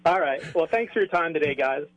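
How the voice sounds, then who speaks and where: A man's voice: on the high side, animated, fast talker, a bit bright, no echo, muffled recording. A man hosting a sports radio chat, easygoing and teasing with his guests. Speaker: radio host.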